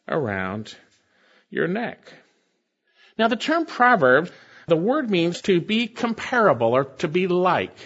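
A man's voice: a little high, fairly bright tone. A man preaching a sermon, reading scripture aloud and explaining it with emphatic, rhetorical questions to his congregation. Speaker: pastor. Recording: dull lo-fi recording.

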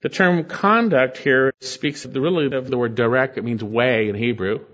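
A pastor preaching an expository sermon, reading scripture aloud and explaining it, swinging between emphatic and quiet delivery. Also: male voice, medium pitch, moderate pace, muffled recording.

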